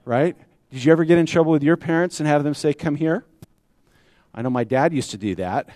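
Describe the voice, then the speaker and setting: A man's voice: fairly high pitch, fast talker, a little mellow, no room sound. Conversational male pastor, dry sound. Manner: conversational storytelling with rhetorical questions. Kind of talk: sermon.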